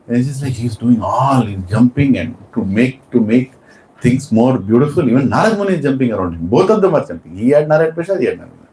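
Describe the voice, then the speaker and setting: A man telling a sacred story as a preacher in a temple hall, animated and asking his listeners questions. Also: mid-range voice, quick pace, a little hiss or hum. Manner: animated, asks the audience questions. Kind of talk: storytelling sermon. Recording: roomy hall with faint ambience.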